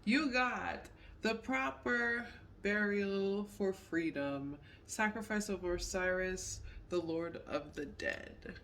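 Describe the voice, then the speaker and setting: Slow tarot reader, emphatic and repetitive, a little off-mic, faint background noise. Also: medium pitch, fairly bright tone, distant mic. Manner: repetitive, emphatic, says "period" often. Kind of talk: casual pick-a-card tarot reading.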